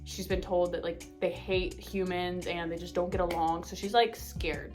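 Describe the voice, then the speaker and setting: A bubbly young woman in her twenties chats about books, her voice lively and quick when she gets worked up. She gushes and piles on fillers in a casual, chatty way, with faint music playing underneath. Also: fairly low pitch. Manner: bubbly, gushing, full of fillers; speeds up when excited. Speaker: book vlogger. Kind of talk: casual chat.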